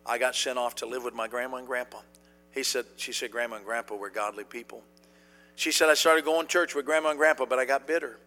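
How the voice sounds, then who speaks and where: A preacher delivers a folksy sermon full of stories. His voice is bright and forceful, and it carries a long reverb from the church hall he speaks in. He talks animatedly, with plenty of fillers and restarts. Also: medium pitch, fairly even intonation, fast talker. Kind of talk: sermon with storytelling.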